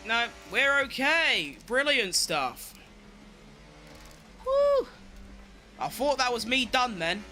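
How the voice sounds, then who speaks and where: A young man giving excitable live commentary on his racing game, talking to himself and swearing at rivals and his car. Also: very high voice, unhurried, few pauses, a little hiss or hum. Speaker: game streamer.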